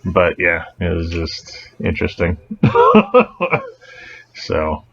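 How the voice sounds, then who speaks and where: Male podcast co-host, very low voice, blunt and profane, dull lo-fi audio. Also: moderate pace. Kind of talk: casual chat.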